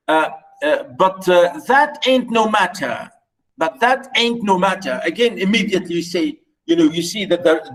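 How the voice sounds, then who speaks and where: A man whose first language is Arabic lecturing on literature, explaining slowly with repeated words and many fillers. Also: a little high, recorded from a distance, rough recording. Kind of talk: recorded lecture.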